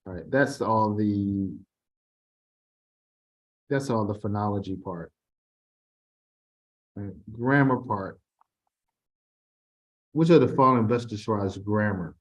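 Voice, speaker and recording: Low-voiced man reading quiz questions. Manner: informal, halting, reads quiz questions aloud with restarts. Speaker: TESOL instructor. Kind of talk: casual tutoring session.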